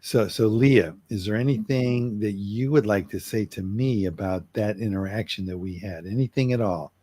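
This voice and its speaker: A middle-aged man coaching on communication, acting out an apology in an earnest way and slowing down for emphasis. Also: fairly low pitch, mellow. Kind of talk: role-played apology demonstration.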